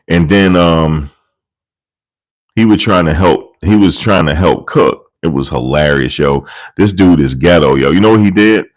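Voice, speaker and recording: Deep-voiced guy rambling through a celeb story, swears a lot, amused, talking into a desk mic. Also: unhurried, poor audio. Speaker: commentary channel host. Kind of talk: casual celebrity commentary. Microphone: desk USB microphone.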